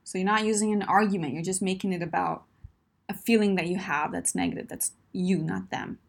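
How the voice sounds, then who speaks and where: A woman's voice: on the low side, steady tone, brisk, vocal fry, husky. A woman coaching listeners in a direct advice talk, emphatic and encouraging, often checking in with "right?" and "my friend".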